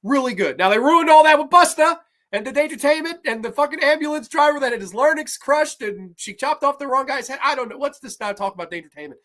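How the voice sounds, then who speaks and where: Talking fast with lively intonation, a horror movie reviewer tears into a sequel with profane sarcasm. His rant swings from low grumbling to loud, mocking shouts.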